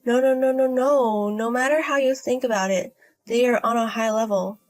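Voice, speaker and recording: A woman voicing an unbothered young woman who gambles, speaking in a low-key deadpan way in a storybook. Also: normal speed, close to an everyday voice.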